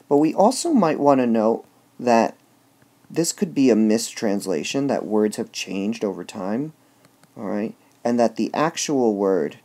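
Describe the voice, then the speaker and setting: A man with a lowish, warm voice casually lectures on a play he's reviewing. He explains step by step, peppering it with fillers and frequent "all right"s.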